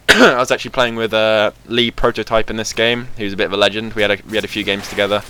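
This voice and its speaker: A man's voice: fairly low pitch, flat delivery, fast talker, sharp tone, slight background noise. A young man chatting casually over gameplay footage as host of his gaming channel, rambling with lots of fillers. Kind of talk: casual game commentary.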